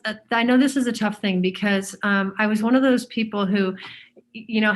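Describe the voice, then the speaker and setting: A woman talking as an interview guest in casual conversation, hesitant and pausing with many fillers as she searches for words. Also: mid-range voice, fairly bright tone.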